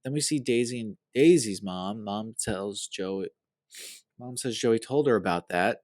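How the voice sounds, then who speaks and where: A man's voice: lowish voice, unhurried, darkish tone, dry recording. A male podcast host giving a casual, earnest, rambling recap of a reality show episode.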